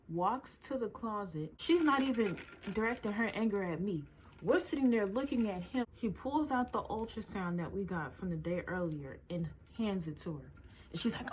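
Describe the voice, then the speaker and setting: Animated young woman telling a story. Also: mid-range voice, normal speed, slight background noise, low-quality recording. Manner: animated, swearing, acts out quotes in shifting voices. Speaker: storytime vlogger. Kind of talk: casual storytime.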